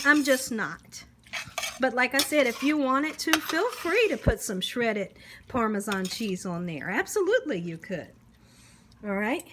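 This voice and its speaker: A woman's voice: high voice, a bit bright, a little hiss or hum. Woman cooking host humming over her food. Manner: lots of savoring hums and exclamations; talks straight to viewers. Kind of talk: casual cooking vlog, tasting on camera.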